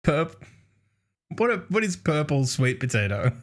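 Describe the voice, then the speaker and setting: An Australian man hosts a loose podcast chat, his pitch swinging widely as he teases his co-host. He swears freely and breaks into laughter often. The talk is crude and playful. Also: very animated, measured pace. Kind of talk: casual chat.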